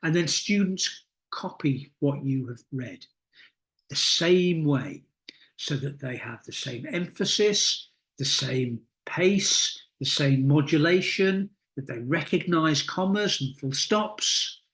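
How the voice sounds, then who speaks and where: A middle-aged man gives a coaching session for teachers. His voice sits a little higher than most men's, and he talks slowly and deliberately. He pauses often between phrases as he explains each step. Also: expressive, fairly bright tone. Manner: slow, deliberate, instructive delivery with pauses. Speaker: teacher trainer. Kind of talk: recorded coaching lesson.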